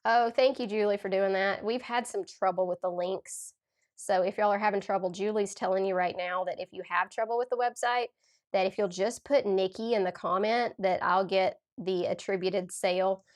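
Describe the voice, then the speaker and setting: A woman's voice: medium pitch, steady tone, normal speed. A woman in her forties with a Southern Tennessee accent and a cold, chatting gushingly as a crafting livestream host and reading out viewer comments. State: has a cold. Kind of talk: casual livestream chat while demonstrating card making.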